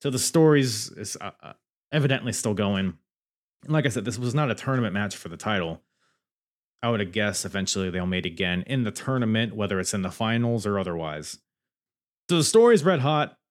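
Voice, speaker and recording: A man's voice: on the low side, expressive, a little fast. A man hosting a podcast, giving a casual, joking and sometimes profane recap of a show with many restarts. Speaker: wrestling podcast host.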